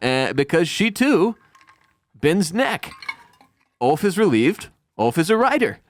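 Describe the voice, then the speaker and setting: Animated man recapping a TV episode. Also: fairly high pitch, a little hiss or hum. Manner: animated, acts out characters' lines in quick impressions. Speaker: podcast co-host. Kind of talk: casual TV recap chat.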